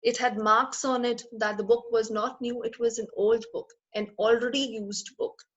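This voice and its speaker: A woman's voice: on the high side, level tone, moderate pace, muffled recording. A woman teacher explains a text line by line, repeating and rephrasing each point as she goes.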